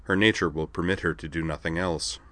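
Man doing a calm swordsman guy, deep low voice, measured and gently amused. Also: no room sound. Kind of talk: audiobook character reading.

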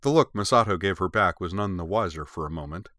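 A man reading a story aloud in an even, measured narration. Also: deep voice, no echo, studio quality.

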